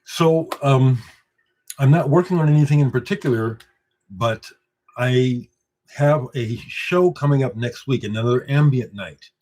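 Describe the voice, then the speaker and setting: A man's voice: medium pitch, unhurried, a little mellow. A man who is a musician, hosting a casual live stream, replying to viewers' comments and emphatically talking up his own records. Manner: emphatic, boastful, replies to chat comments.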